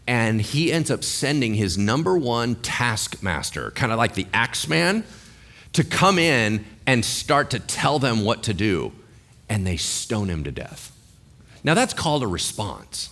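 A man preaching a sermon, telling a Bible story with animated acted-out voices and asking his listeners questions. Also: lowish voice, measured pace. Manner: animated storytelling, acts out quoted voices, asks the audience questions. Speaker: pastor.

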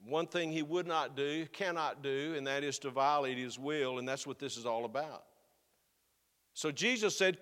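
Male pastor, fairly high voice, earnest sermon, slows for emphasis, church hall reverb. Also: expressive, fairly bright tone. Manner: earnest, building to slow emphatic stresses.

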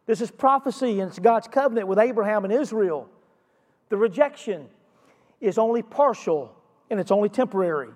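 High-voiced man preaching in a reverberant hall. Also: expressive, brisk, a little mellow. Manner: earnest teaching tone with rhetorical questions and numbered points. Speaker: pastor. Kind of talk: sermon.

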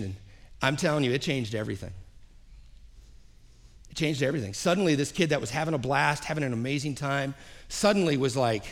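A man preaching a sermon as pastor, telling a personal story and acting out the quoted dialogue, often repeating his phrases. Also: medium pitch. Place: church service.

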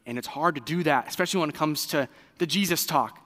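A man preaching a sermon in a conversational, animated way, with fillers and restarts. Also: on the high side, fast, in a large hall. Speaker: pastor.

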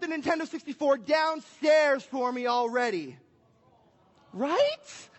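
A young adult man preaching a lively family Christmas sermon in a church hall, playful and energetic as he acts out little scenes. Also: extremely high pitch, measured pace. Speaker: pastor. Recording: echoey hall with long reverb.

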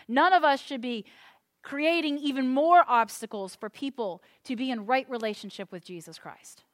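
A woman delivers a sermon with real conviction. Her voice sits high and light. She stays emphatic throughout and repeats key phrases for weight. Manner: earnest, emphatic preaching with deliberate repetition. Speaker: pastor.

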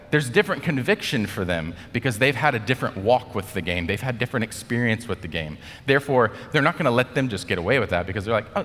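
A young adult man preaching a casual, conversational sermon as a pastor, animated and full of "like," acting out the quotes. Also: medium pitch. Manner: animated, acts out quotes, many "like" fillers. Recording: long reverb of a large hall.

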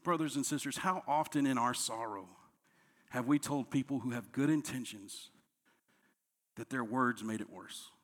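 A man, a pastor, preaching a sermon, dropping to soft, low lines and rising when he acts out quoted complaints. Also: moderate pace. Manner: preaching with strong swings between soft, low lines and raised, higher quoted outbursts.

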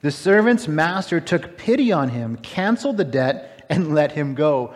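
A man preaching a sermon, retelling a parable with animated, emphatic, incredulous asides. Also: on the high side, measured pace, few pauses. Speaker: pastor. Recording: long hall reverb.

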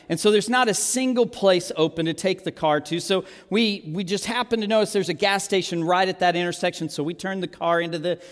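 High-voiced preacher telling a story. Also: male voice. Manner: animated, self-amused storyteller with frequent restarts. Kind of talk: sermon storytelling. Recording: long hall reverb.

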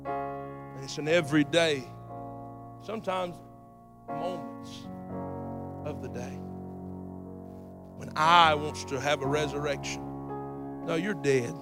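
A male pastor preaching a sermon in a church, talking straight to the congregation and swinging from soft, close words to loud emphatic lines. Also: on the high side, slow, long pauses. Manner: talks directly to the congregation. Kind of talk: sermon with altar call. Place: church sanctuary. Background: soft live music, piano and guitar.

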